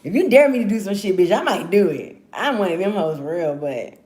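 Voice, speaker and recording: A woman's voice: on the low side, animated, a little fast, darkish tone. A woman of about forty from Texas, talking to camera in a loose, profane, playful ramble as podcast host. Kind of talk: casual monologue to camera.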